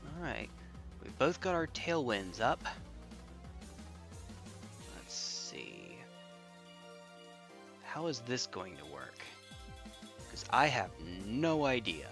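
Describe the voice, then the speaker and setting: A man's voice: medium pitch, wildly swooping pitch, slow pace, creaky, long pauses, music in the background. A man streaming online battles, joking and thinking aloud in casual commentary with lots of repeats.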